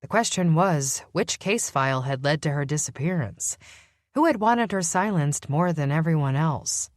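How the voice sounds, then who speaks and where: A woman reading a first-person audiobook, measured and wry. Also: low voice, lively intonation, no echo, studio quality. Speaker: audiobook narrator.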